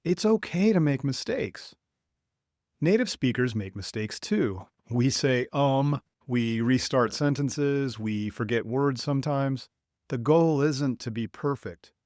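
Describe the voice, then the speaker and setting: Slow, lively-voiced man teaching English. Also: mid-range voice, no echo, studio quality. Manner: slow, clear, deliberate delivery. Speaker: podcast host and English teacher. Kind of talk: scripted lesson for learners.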